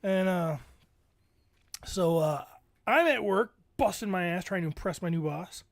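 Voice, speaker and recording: A man's voice: high voice, measured pace, dry recording, clean studio sound. A man in his forties, a podcast co-host, telling a long story to friends and acting out the voices he quotes. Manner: animated storyteller, acts out quoted voices, laughs often. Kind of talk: casual storytelling among friends.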